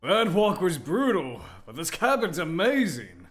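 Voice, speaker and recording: A man's voice: high voice, very animated, unhurried, a bit bright, soft background music, pitched above the performer's own voice, exaggerated voice. A man reading aloud the lines of an upbeat young man from a cabin game.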